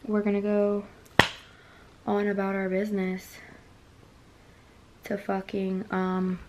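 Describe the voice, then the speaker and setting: Excitable young woman vlogging. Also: mid-range voice, takes it slowly, background noise. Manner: excitable, swears freely, slangy. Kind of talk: casual vlog chat.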